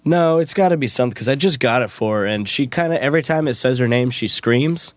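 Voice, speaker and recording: A man co-hosting a comedy podcast, telling absurd stories in a deadpan, straight-faced way. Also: mid-range voice, fast. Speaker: podcast co-host.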